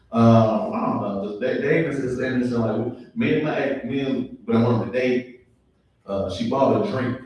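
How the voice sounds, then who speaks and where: A young man performing a stand-up comedy set, chatty and relaxed, with ums and asides to the audience. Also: mid-range voice. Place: live comedy show in a venue. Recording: distant, very echoey room mic with faint noise.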